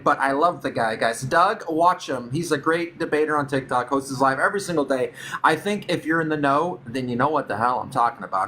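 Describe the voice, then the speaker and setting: Lively, bright-voiced male stream host. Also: a little high, slight background noise. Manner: playful, teasing, hype-building. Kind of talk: casual live stream hosting.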